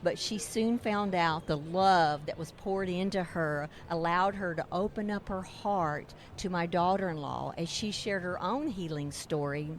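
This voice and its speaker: Woman, middle-aged, somewhat low voice, earnest, heartfelt, conversational interview guest. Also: unhurried, hardly any pauses, slight background noise. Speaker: ministry co-founder, interview guest. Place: religious broadcasters convention.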